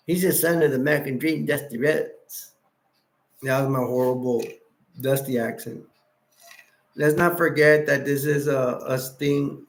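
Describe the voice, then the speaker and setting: A tired man hosting a late-night livestream, rambling casually and reading chat messages and wiki text aloud. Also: mid-range voice. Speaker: livestream host.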